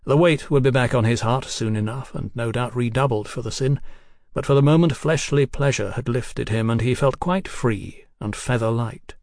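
A man giving a measured, unhurried scripted reading of a novel, recorded close on a studio mic. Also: mid-range voice, a little mellow, no room sound. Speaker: audiobook narrator.

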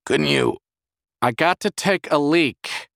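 A man's voice: lowish voice, lively intonation, fast, fairly bright tone, no echo, clean studio sound. A male narrator voicing an irritable, paranoid man in constant pain who talks in tense, snapping bursts. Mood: bitter.

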